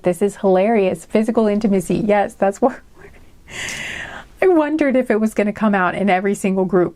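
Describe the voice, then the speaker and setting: A woman talks through a tarot reading in a loose, chatty way, with plenty of "um" and "like" as she goes. Her voice is soft and mellow rather than bright, and sits at an ordinary middle pitch. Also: no room sound. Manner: rambling and chatty, with many fillers. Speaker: tarot reader. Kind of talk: casual spoken tarot reading.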